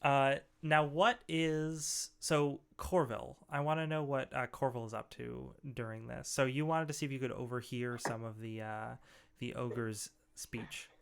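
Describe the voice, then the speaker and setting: Gravelly game master describing a scene. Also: male voice, mid-range voice, fairly even intonation, a little slow. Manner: loose, filler-heavy description. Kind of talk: narrating a tabletop game.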